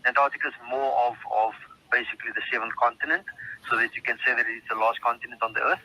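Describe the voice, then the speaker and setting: Flat, bright South African man. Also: mid-range voice, fast, no room sound, low-quality recording. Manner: hesitant, many ums, explanatory. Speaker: expedition travel agent.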